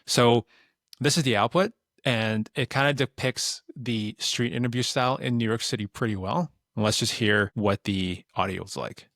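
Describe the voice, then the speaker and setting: A man giving a relaxed, plain-spoken tutorial explanation as a voice-over. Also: mid-range voice, moderate pace, no room sound, clean studio sound. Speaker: tutorial creator. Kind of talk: instructional screen-recording explanation.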